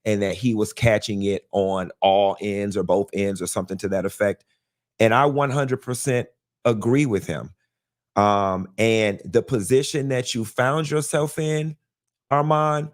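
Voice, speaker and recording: A man giving a commentary monologue, laying out his argument point by point in a measured way. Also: fairly low pitch. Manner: deliberate, measured, argues point by point. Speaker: show commentator.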